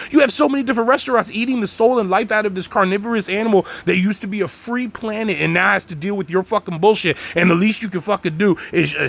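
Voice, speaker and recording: A man's voice: high-pitched, creaky, fairly bright tone, slightly rough. A man delivering a heated, rambling rant monologue, swearing constantly as he talks. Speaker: channel host.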